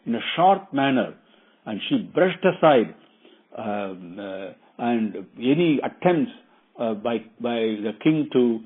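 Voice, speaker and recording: A man's voice: mid-range voice, expressive, takes it slowly, husky. A man retelling a religious epic in his own words, rambling and repeating himself with many fillers. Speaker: storyteller. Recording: tinny phone-like recording.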